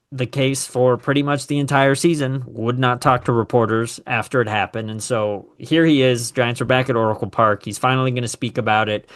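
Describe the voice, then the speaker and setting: A man hosting a casual sports talk show, animated and opinionated, with sarcastic asides. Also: medium pitch. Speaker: podcast host.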